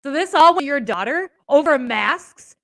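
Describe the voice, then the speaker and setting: A woman in a casual conversation, listening and asking short, halting questions. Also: high voice, lively intonation, a bit bright, dry recording. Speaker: interviewer.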